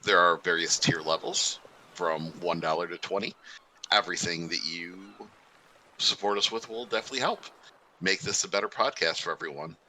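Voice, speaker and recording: New york guy doing the shoutouts, real deep but sharp and tense tone. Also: moderate pace, slight background noise. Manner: loose, stumbling. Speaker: co-host.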